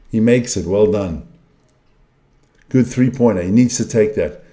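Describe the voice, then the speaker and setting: A man's voice: fairly low pitch, measured pace, long pauses, dark tone. A middle-aged man reacting live to a basketball game as a fan commentator, frustrated and blunt, swearing at bad plays. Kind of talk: live watch-along commentary.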